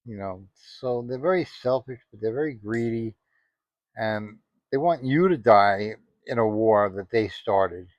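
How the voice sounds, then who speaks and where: A man's voice: lowish voice, lively intonation, a little slow, no echo. A man giving casual spoken commentary, rambling and indignant, full of "you know" asides. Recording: dry, dull lo-fi audio.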